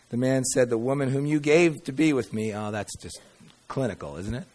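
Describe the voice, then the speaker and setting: A pastor preaching a sermon, reading scripture dramatically and breaking into wry, conversational asides, with sudden quiet drops. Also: male voice, mid-range voice, a little fast.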